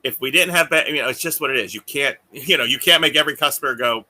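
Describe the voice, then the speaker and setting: A podcast co-host with a strikingly bright, edgy voice rambles through casual chat. He laughs often and slips into the voices of people he quotes. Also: mid-range voice, quick pace.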